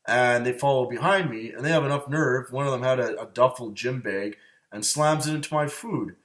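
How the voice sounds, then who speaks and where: A man's voice: mid-range voice, fairly bright tone. A man with a mid-range voice rambling through an agitated personal rant. He swears nearly every sentence, stumbles and repeats words, and keeps circling back to his grievances. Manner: profane, agitated, repetitive. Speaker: show host.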